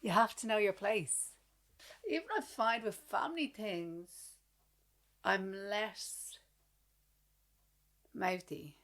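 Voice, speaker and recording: A woman in her thirties with an Irish accent, co-hosting a podcast and chatting casually, blunt and animated as she acts out what people said. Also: medium pitch, slow, pauses often. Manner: blunt, animated storytelling with acted-out quotes. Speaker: podcast co-host. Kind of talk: casual chat.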